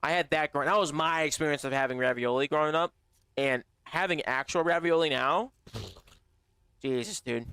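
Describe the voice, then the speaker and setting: Male streamer, fairly high voice, casual profane banter, slightly strained. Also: moderate pace, sharp tone, clear, resonant tone, dry recording. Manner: slangy and profane, calls chat bro and baby. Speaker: gaming livestreamer. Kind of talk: casual live-stream chat.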